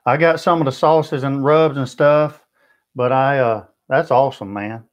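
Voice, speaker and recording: A man's voice: mid-range voice, steady tone, measured pace. Chatty Southern man on a livestream. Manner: friendly, chatty, answers viewer comments one by one. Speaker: BBQ channel host. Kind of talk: livestream chat.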